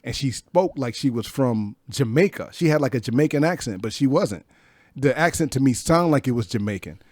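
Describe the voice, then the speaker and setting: Male podcast guest in his fifties, animated, salty storyteller, middle-pitched voice, dry studio mic. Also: fairly quick, no room sound. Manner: slangy, profane, animated storyteller. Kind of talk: casual storytelling.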